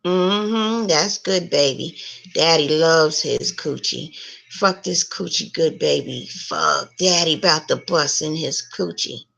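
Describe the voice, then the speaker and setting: A woman drops her voice into a domineering grown man who murmurs low and commanding. The voice stays gravelly and edged as he gives his orders. It comes from a storybook reading. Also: slow pace, a bit bright, exaggerated voice, low-quality recording. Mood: murmuring.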